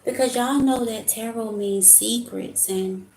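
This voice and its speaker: Mellow-voiced woman reading tarot cards. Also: fairly high pitch, a little slow, slight background noise. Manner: emotional, talks to viewers as y'all. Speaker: tarot reader. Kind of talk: casual tarot reading to camera. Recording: echoey room with faint ambience.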